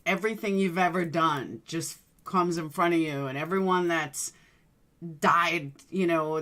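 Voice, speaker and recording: A woman's voice: fairly low pitch, pushed and bright. A woman hosting a livestream, chatting casually with her viewers and telling rambling personal stories. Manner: rambling storyteller, addresses viewers by name. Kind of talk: casual chat.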